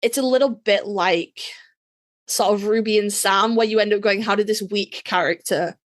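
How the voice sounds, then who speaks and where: Woman, podcast co-host, casual chat, opinionated, swears a lot, mid-pitched voice. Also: moderate pace. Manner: chatty, profane, playfully opinionated.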